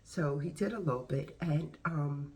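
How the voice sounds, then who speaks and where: A woman's voice: low-pitched, unhurried, darkish tone. A woman telling a story casually to her video camera at home, chatty and rambling with frequent asides. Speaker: vlogger.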